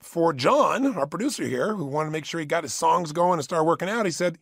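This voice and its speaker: A man's voice: a little high, expressive, brisk, gravelly, few pauses, fairly bright tone, breathy edge, dry recording. A middle-aged man giving a motivational talk, emphatic and repeating phrases for effect, recorded close in a studio. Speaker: motivational speaker. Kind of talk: motivational audio program.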